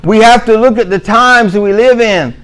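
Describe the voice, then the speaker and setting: A man's voice: high voice, moderate pace, a bit bright, low-quality recording. A middle-aged man giving a religious lecture, emphatic and given to sarcastic asides. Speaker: Muslim speaker giving a talk.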